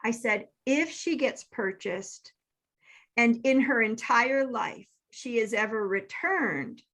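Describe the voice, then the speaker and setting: Woman, 50s, bright higher voice, earnest heartfelt storyteller. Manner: emotional, earnest, acts out quoted texts. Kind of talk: casual storytelling.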